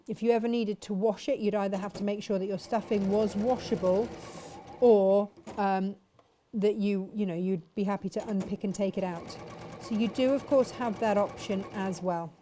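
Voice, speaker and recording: A woman's voice: mid-range voice, moderate pace, warm tone, a little hiss or hum. A woman chatting casually as she demonstrates sewing and answers viewers' questions. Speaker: sewing teacher and shop host.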